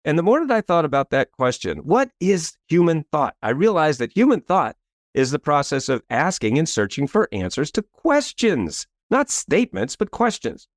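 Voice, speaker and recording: An animated man in his fifties whose voice swoops widely as he tells his story, pitched a touch above most men. He talks like a seasoned coach on a podcast, emphatic and salesy. He keeps checking in with a quick rhetorical question, and the sound stays close and dry. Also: dry recording. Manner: animated, tags points with rhetorical "right?"; chuckles between points, salesy and emphatic. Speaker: coach and author, guest.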